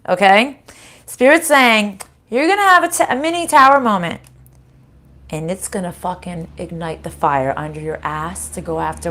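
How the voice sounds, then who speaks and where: A woman from the United States gives a casual spiritual card reading into a desk microphone. She is blunt and swears freely, and she breaks into laughter often. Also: medium pitch. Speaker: tarot reader.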